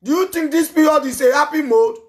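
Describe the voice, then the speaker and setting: A man with a Nigerian Pidgin English accent hosting a live call-in show, loud, scolding and repetitive. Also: very high-pitched, a little fast. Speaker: talk show host taking calls.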